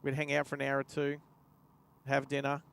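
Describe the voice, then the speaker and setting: A man's voice: mid-range voice, monotone, fairly quick, creaky, a bit bright, smooth. A young Australian man casually telling a rambling anecdote while driving, chuckling to himself as he goes. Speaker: driving livestream host. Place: inside a car.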